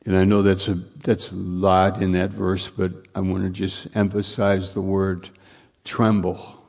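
A man preaching a sermon slowly and earnestly, repeating phrases for emphasis and often dropping to a hushed, low voice. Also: completely flat delivery, creaky. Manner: slow, earnest preaching with long pauses, sinking to a hushed low voice.

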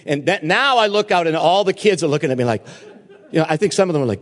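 A man's voice: a little high, fast, big-room sound. A man, a pastor, telling a story and reading scripture in a sermon, acting out the people in his story. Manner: animated storytelling with quoted voices.

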